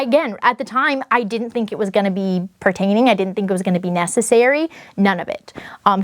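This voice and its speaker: A woman's voice: medium pitch, no room sound, studio quality. A young woman telling a personal story in a casual, chatty way, full of fillers and self-conscious asides. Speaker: vlogger.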